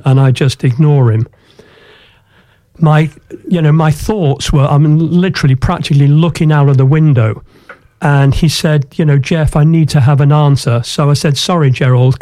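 A man's voice: fairly high pitch, dark tone, no room sound. A man who once owned a football club looks back on his story in an interview, in an anecdotal way with frequent "you know" fillers.

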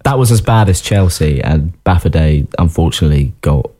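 A man with a low, mellow voice co-hosts a casual football podcast. He is chatty and self-deprecating, and he laughs often. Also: expressive, fairly quick. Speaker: podcast co-host.

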